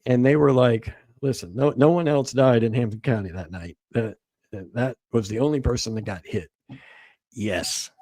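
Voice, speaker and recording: A man recounting events as a guest, halting and repeating words as he quotes what others told him. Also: mid-range voice, warm tone, dry recording. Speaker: guest author. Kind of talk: storytelling interview.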